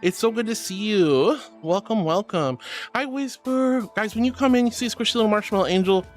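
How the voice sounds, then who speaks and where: A man's voice: high-pitched, animated, brisk. A man streaming as a VTuber in casual chat, reading viewer messages aloud and greeting people affectionately with pet names. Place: VRChat stream.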